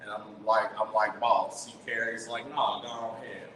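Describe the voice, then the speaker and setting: A man's voice: lowish voice, flat delivery, normal speed, a bit bright. A man of Haitian background trading crude jokes and drawling through a story. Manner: joking, teasing, drawls through stories. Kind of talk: casual crude banter. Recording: echoey room, mic far off, faint hiss.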